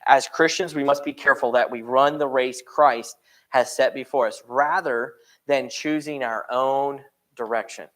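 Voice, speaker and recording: A man's voice: mid-range voice, fairly even intonation, moderate pace, fairly bright tone. A man with an American accent teaching a church Bible study in a conversational way. He often checks in with the room and briefly acts out voices he quotes. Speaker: preacher.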